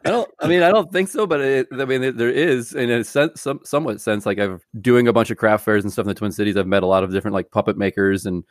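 A man's voice: mid-range voice, fast, few pauses, no room sound, clean studio sound. A man who is a podcast guest, talking casually and hesitantly, with many restarts and fillers. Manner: hesitant, rambling, lots of "like" and restarts. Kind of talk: casual chat.

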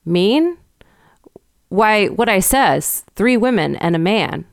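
A woman's voice: mid-range voice, animated, slow, creaky, no room sound, studio quality, voice pushed up. Woman doing grave old country shepherd. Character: gruff old rustic male shepherd, grave and superstitious. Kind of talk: storybook reading.

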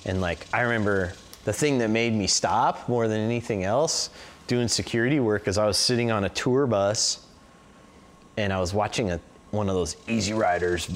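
A man's voice: fairly low pitch, slight background noise. A man in his forties answering interview questions, telling long stories loosely and filling them with "like" and "you know.". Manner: rambling, peppered with "like" and "you know". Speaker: interview guest. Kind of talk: casual interview storytelling.

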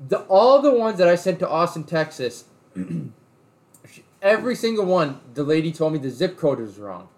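A man's voice: on the high side, big pitch swings, normal speed, a little mellow. A man in casual chat, telling a long story with rambling restarts.

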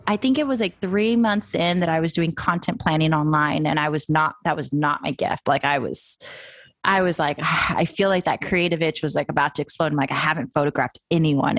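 Speaking in a voice that sits low, a young photographer chats as an interview guest about her move to Austin, voicing what she was thinking back then as she recounts it. The recording has no room sound.

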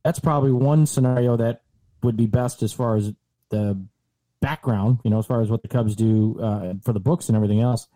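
A man co-hosting a podcast, talking sports in a casual, animated and exasperated way, with some swearing. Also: medium pitch, fairly quick, no echo. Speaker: podcast co-host.

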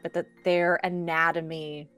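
Slow-paced woman narrating as game master. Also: lowish voice, level tone, a bit bright, clean tone, soft background music. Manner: descriptive, searching for words with restarts.

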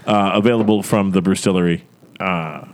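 A man's voice: low-pitched, steady tone, moderate pace, a little hiss or hum. A man hosting a casual group podcast, rambling with lots of fillers and poking fun at himself. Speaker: podcast host.

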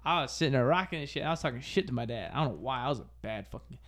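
A man's voice: mid-range voice, animated, racing, a bit bright. A young man co-hosting a podcast, chatting casually and telling profane, rambling stories. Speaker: podcast co-host.

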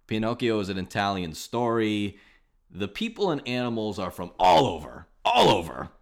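Guy with a lowish voice, sarcastic casual podcast chat. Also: big pitch swings, normal speed, gravelly. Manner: wry, sarcastic movie critique. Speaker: podcast host.

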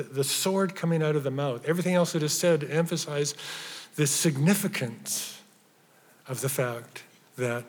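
A man preaching a sermon with emphatic stresses that drop at times to hushed, near-whispered phrases. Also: medium pitch. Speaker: pastor. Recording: reverberant church hall.

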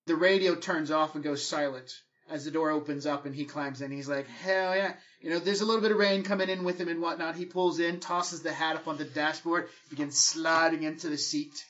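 A man narrates as game master in a loose, rambling way, his voice a bit high. The recording sounds dull and lo-fi. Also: fairly quick, hardly any pauses. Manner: relaxed, rambling narration with fillers.

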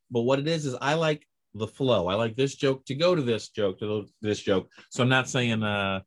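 A man's voice: mid-range voice, normal speed, few pauses. A man, a stand-up comedian, telling stories in a casual chat and acting out the people in them. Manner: animated storyteller acting out quoted voices.

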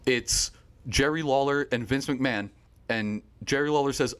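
A man with a middle-pitched voice joins a podcast as a guest. He tells his story in an easy, laid-back way. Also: normal speed, clean tone. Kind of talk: casual chat.

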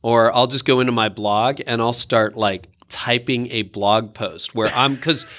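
A man's voice: medium pitch, fairly even intonation, a little slow, a bit bright. A man, a pastor, talking candidly and reflectively about his own habits, acting out the lines of others as he goes. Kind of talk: conversational podcast talk.

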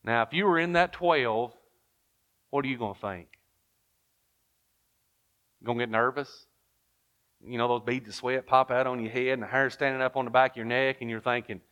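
A man's voice: medium pitch, normal speed, long pauses, fairly bright tone. A man preaching a sermon, telling the story with lots of rhetorical questions and reading King James verses aloud.

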